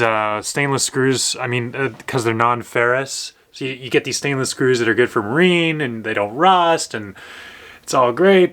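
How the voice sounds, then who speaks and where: Male vlogger, mid-pitched, casual and rambling, recorded on the camera mic outdoors. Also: sharp tone. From Canada. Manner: rambling, self-interrupting, laughing at his own frustrations. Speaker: vlogger living on a boat. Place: outdoors on the water and at a horse paddock.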